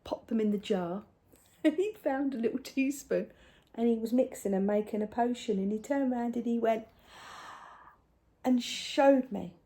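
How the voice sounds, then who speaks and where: An older woman, chatting casually at home as a crafting vlogger, rambling, with soft hushed asides. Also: on the high side, moderate pace. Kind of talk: casual chat showing crafts.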